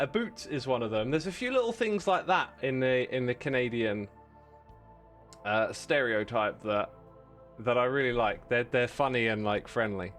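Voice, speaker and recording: A man's voice: medium pitch, fairly bright tone. A man chatting casually with viewers while playing on a livestream, rambling and self-deprecating, laughing often.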